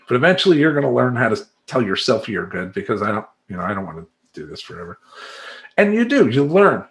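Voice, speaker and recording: A man's voice: medium pitch, expressive, fairly quick, a bit bright. Rambling, emphatic male life coach. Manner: rambling, emphatic, acts out clients and sound effects. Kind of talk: casual monologue to camera.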